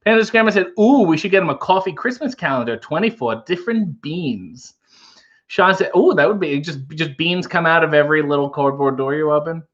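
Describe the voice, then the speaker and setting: A man's voice: a little high, animated, a little fast, fairly bright tone, muffled recording. A man hosting a casual livestream, reading viewer comments aloud and riffing on them with wry humor. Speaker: livestream host reading chat.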